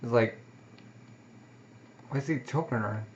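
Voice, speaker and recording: A man's voice: mid-range voice, a little slow, a little hiss or hum. A man casually reading a comic aloud and commenting on the panels with lots of fillers, in a muffled lo-fi recording. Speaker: comic reader.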